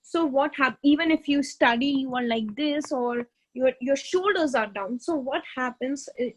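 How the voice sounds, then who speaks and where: A woman with a notably high voice delivers a motivational self-help talk. She explains earnestly, circling back to repeat key words for emphasis. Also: rough recording. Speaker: motivational speaker.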